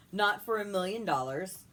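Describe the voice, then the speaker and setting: A woman's voice: medium pitch, expressive, unhurried, a bit bright. A woman co-hosting a podcast in casual chat, laid-back and matter-of-fact. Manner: laid-back, lists items matter-of-factly. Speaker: podcast co-host and author.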